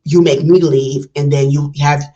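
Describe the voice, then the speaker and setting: A woman's voice: deep voice, steady tone, measured pace, dark tone, dull audio. A woman hosting a reaction video, giving passionate casual commentary with many restarts. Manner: passionate, talks it through with restarts.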